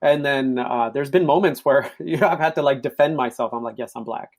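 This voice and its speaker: A young African man appears as a guest on a podcast, chatting casually in a brisk, mid-range voice. He tells stories with animation and acts out the voices of the people he quotes.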